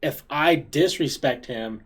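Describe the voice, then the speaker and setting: A man's voice: medium pitch, slow pace, slightly rough. A man hosting a casual podcast, talking earnestly and asking pointed rhetorical questions. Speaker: podcast host.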